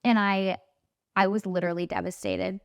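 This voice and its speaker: A woman in her late twenties, a podcast host and makeup artist, telling a story in an animated, emphatic way, full of "like" and "literally.". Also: mid-range voice, normal speed, gravelly, dry recording, dull audio. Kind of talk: casual storytelling monologue.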